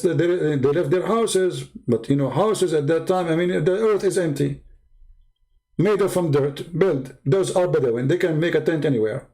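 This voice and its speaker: A man's fairly high, dark and mellow voice carries a heated live-stream argument. He keeps firing rhetorical questions at his listeners. Between the questions he reads source texts aloud and translates them. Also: low-quality recording. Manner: combative, fires rhetorical questions. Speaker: live-stream religious debater.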